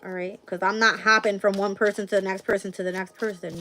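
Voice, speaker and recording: A woman's voice: medium pitch, little pitch movement, fast, sharp tone, a little hiss or hum. A young woman hosting a casual live stream and reading tarot cards, blunt and profane, with frequent laughs.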